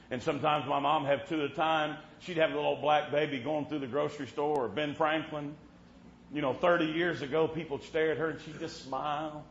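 A man's voice: mid-range voice, a little hiss or hum. A male preacher with a drawl tells homespun stories from the pulpit and works them into fervent preaching, with "Amen" between his lines. His voice carries through a roomy church, and the recording sounds a bit dull, with faint ambience behind him. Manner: folksy, punctuates with "Amen", preaches with rising fervor. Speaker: preacher at a revival meeting. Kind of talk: storytelling sermon.

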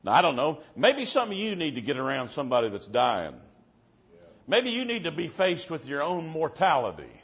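A preacher delivering a fiery revival sermon in church, moving from low storytelling to shouted warnings. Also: male voice, wildly swooping pitch, moderate pace. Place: church service. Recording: dull lo-fi recording.

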